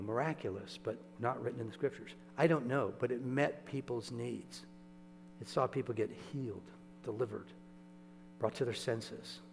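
A man's voice: fairly low pitch, vocal fry. Preaching man in an echoey hall. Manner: conversational storytelling, checks in with listeners. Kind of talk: sermon. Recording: echoey hall with mains hum.

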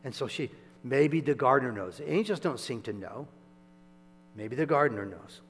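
A man preaching a sermon in a conversational, animated way, chuckling as he goes, in a church sanctuary. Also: medium pitch, moderate pace, faint music behind. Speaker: pastor. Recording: echoey hall with mains hum.

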